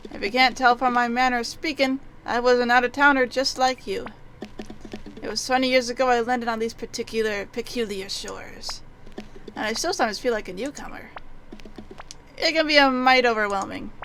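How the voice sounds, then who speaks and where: A woman's voice: on the high side, moderate pace, a bit bright, slight background noise. A woman voicing a folksy older male frontier shopkeeper with a drawling, homespun way of talking, as in a video game. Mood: friendly. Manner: drawling, homespun turns of phrase.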